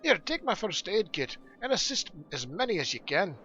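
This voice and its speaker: A man's voice: high voice, big pitch swings, moderate pace, bright, forceful tone, dull audio, soft background music, pitched above the performer's own voice, heavily acted. A man putting on a bluff dwarf quest-giver. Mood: commanding. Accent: put-on fantasy dwarf brogue. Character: gruff male dwarf quest-givers of a mountain village. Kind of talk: reading game quest text aloud.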